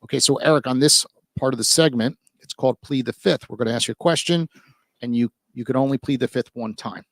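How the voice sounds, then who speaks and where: Male podcast host, gravelly, casual and rambling questions, dry mic. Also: medium pitch, fast, fairly bright tone, no echo. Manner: loose, filler-heavy questioning.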